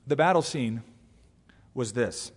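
A man's voice: mid-range voice, takes it slowly, breathy edge, long reverb tail. A man pastor teaching a Bible sermon, telling the story with humor and acting out the quotes. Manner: animated storyteller who acts out quotes with humor.

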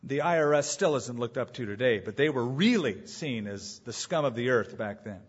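A pastor preaches a sermon in an animated, medium-pitched, slightly rough voice at normal speed, captured on a dull lo-fi recording. He is emphatic, repeating his main points and posing rhetorical questions.

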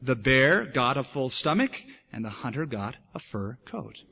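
A man preaching a sermon as pastor, lively and emphatic, acting out the voices of people in his stories. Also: medium pitch, measured pace, vocal fry. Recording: dull lo-fi sermon recording.

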